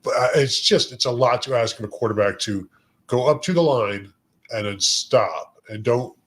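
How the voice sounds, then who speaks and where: A man of middle pitch talks sports on a podcast, his voice going hoarse from talking. He rambles and restarts his sentences in casual chat. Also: normal speed. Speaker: podcast co-host. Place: convention center.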